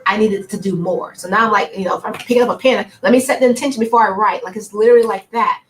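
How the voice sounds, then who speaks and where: A woman's voice: mid-range voice, quick pace, slight background noise, poor audio. A middle-aged woman giving spiritual guidance on a live broadcast, talking casually and acting out her own inner dialogue. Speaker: spiritual teacher.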